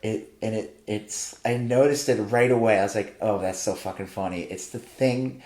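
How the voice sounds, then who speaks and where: A man's voice: lowish voice, steady tone, a little mellow, roomy sound. A man co-hosting a podcast in casual chat, rambling and swearing freely as he recounts scenes. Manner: rambling, profane, quotes scenes in quick asides. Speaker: podcast co-host.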